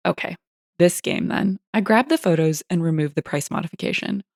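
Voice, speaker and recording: A woman narrating a workplace story in a wry, deadpan storytelling manner. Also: on the low side, a little fast, creaky, dry recording, studio quality.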